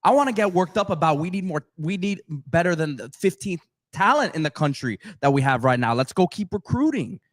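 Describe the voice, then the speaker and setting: A man's voice: fairly high pitch, animated, brisk. A man co-hosting a sports podcast, exasperated and stammering as he starts his points. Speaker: podcast co-host. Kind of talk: animated sports talk.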